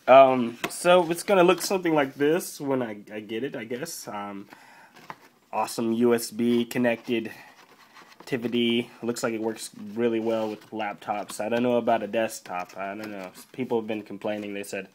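A young man casually unboxing a drawing tablet on camera, joking around, swearing and filling pauses with ums. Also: medium pitch, fairly even intonation, a little hiss or hum. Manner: playful, swears, mock-panics, trails off with fillers.

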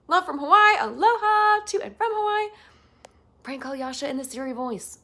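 Bubbly bright-voiced woman streamer. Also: high voice, brisk. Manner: bubbly and excitable, greets viewers by name. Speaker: livestream host and voice actor. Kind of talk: casual livestream chat, reading out viewer messages.

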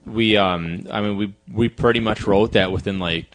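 A man's voice: lowish voice, moderate pace. A tipsy man with a Chicago accent, a podcast co-host and musician, rambling casually and trailing off with fillers. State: tipsy from drinking. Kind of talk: casual chat.

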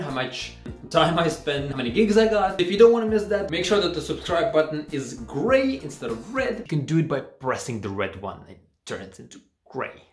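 A man whose first language is Russian, talking through a walkthrough in a casual, playful, self-mocking way. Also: a little high. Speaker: vlogger. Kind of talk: casual screen-recording walkthrough.

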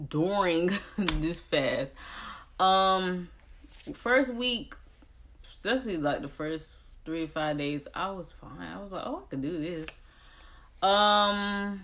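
A young woman chats to her camera in a relaxed vlog, her voice sitting fairly low. She talks slowly and lingers over her words, breaking into whiny, animated quotes as she retells things. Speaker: vlogger. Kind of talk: casual vlog talk.

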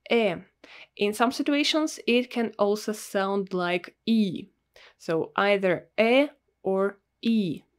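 Slow-speaking Russian-accented woman teacher. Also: mid-range voice. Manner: slow, careful, repeats words for learners. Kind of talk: online language lesson.

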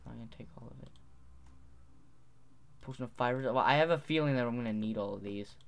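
A man's voice: mid-range voice, a little fast, gravelly, slight background noise. Rambling teenage boy gaming. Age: teens. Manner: rambling, self-correcting, mutters to himself. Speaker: gaming video host. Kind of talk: gameplay commentary.

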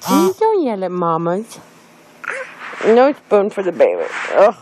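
A woman's voice: medium pitch, huge pitch swings, a little slow, background noise. A woman filming her baby on a phone, teasing and scolding in playful sing-song baby talk. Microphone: handheld phone.

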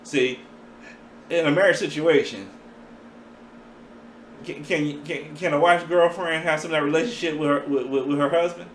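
Man, preacher, animated sermon, playful, slightly high voice, echoey, faint hiss. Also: normal speed, long pauses.

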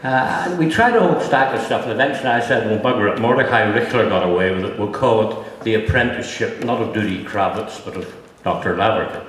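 A man's voice: fairly low pitch, fast, few pauses, fairly bright tone, slight background noise. Older male author, dry self-deprecating storyteller, live in a very echoey hall. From Northern Ireland. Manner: dry self-mocking humour. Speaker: author at a book launch. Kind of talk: anecdotal talk to an audience. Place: library hall with an audience.

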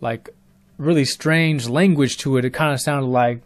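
A man's voice: mid-range voice, measured pace, no echo. A young man telling a true story in a laid-back, rambling way with casual slang.

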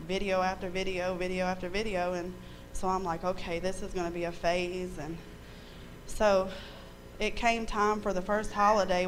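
A woman's voice: mid-range voice, slight background noise, rough recording. A woman giving a spontaneous testimony at a church service, candid and chatty, laughing often and swearing mildly.

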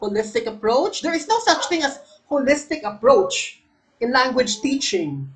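A woman's voice: high-pitched, sing-song, moderate pace, low-quality recording. A Filipino woman coaching a live exam review, quizzing viewers, repeating each question and calling on them by name, sometimes switching into Tagalog. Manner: switches between English and Tagalog.

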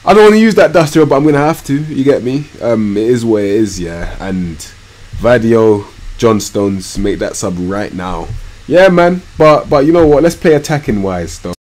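A young man giving live commentary on a football management game, swinging from low muttering to loud yelling and swearing often. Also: animated, normal speed. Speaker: streamer.

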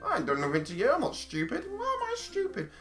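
A man voicing an upset young child who feels insulted, whiny and rising high. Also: huge pitch swings, fast talker, a bit bright, faint music behind, exaggerated voice. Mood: indignant.

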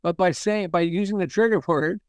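A man's voice: high voice, fairly quick, clean tone, dry recording, studio quality. A man, a marketing consultant, telling anecdotes in a casual interview and chuckling often.

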